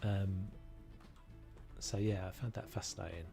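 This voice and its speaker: A man's voice: low-pitched, fairly even intonation, unhurried, vocal fry. Male streamer, chatty and rambling, talking to chat with faint game music under him. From United Kingdom. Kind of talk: casual gaming livestream commentary.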